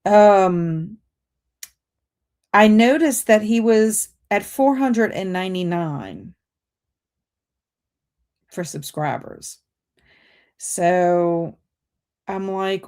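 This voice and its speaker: A woman's voice: medium pitch, drawn-out words, pauses often, darkish tone. A woman hosting a livestream, chatting casually and reading out viewer comments while multitasking. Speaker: BookTube livestream host.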